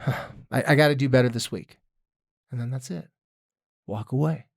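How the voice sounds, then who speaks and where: A man in his thirties, a therapist co-hosting a podcast, talking in a lively, jokey way and acting out quoted voices. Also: mid-range voice, normal speed, creaky, no room sound, studio quality. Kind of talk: casual podcast chat.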